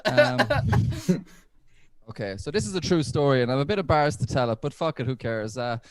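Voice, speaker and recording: Man, stand-up comedian, video call from home, chatty, laughs at own jokes, slightly high voice. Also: very animated, moderate pace, dry recording.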